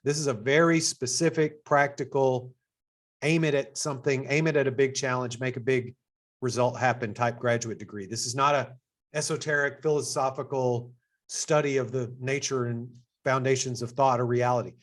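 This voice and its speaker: Middle-aged texas guy giving an info session, chatty and upbeat, voice pops up high on the big points. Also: steady tone, moderate pace. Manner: upbeat and conversational, with sudden pitch jumps for emphasis. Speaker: assistant dean hosting an information session. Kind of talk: presentation to prospective students.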